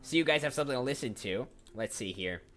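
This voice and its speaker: A man's voice: medium pitch, lively intonation, quick pace, a bit bright. A man who works as a voice actor, chatting casually on a livestream and thinking aloud as he browses, often restarting sentences. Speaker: voice actor streamer. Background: faint background music.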